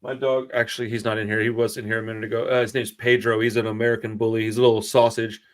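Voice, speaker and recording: A man's voice: fairly low pitch, little pitch movement, fast talker. A man hosting a casual interview chat, laid-back and easygoing, calling his guest dude. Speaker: interview host.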